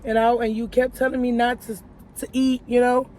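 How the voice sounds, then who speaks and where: A woman's voice: fairly high pitch, little pitch movement, moderate pace, mellow, a little hiss or hum. A woman giving a casual life-update vlog, telling a long story in a chatty way and speaking straight to her viewers. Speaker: YouTuber.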